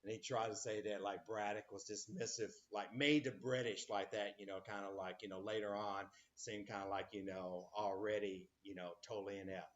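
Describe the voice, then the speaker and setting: A man's voice: on the low side, steady tone, moderate pace, hardly any pauses, muffled recording. A man teaching a history class, rambling with many fillers and acting out quotes as he lectures.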